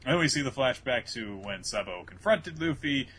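A man's voice: medium pitch, moderate pace, a little hiss or hum. A man co-hosting a casual podcast, recapping an anime episode and acting out the characters' lines as he goes. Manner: animated recap, jumps into loud character voices for quotes. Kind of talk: casual chat.

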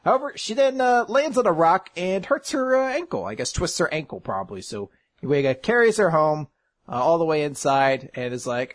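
A man's voice: fairly high pitch, big pitch swings. Laughing man recapping a story. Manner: laughing often, acting out lines in quick voices. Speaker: podcast host recapping an anime. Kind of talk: casual chat recap.

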